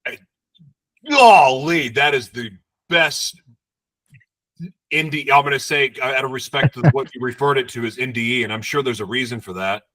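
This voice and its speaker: A man hosting an interview, reacting effusively with halting, laughing remarks. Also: medium pitch, pushed and bright. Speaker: podcast host. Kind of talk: casual interview chat.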